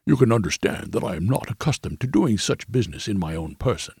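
Audiobook: male narrator voicing a haughty disguised king, raspy low and stately. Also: lively intonation, quick pace, no echo, studio quality, full character voice. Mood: commanding. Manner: stately, forceful formal speech. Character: commanding disguised male king, proud, agitated.

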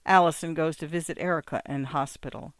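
A man narrating an audiobook in a measured, wry storytelling manner. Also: on the high side, steady tone, fairly bright tone, no room sound. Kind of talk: scripted narration.

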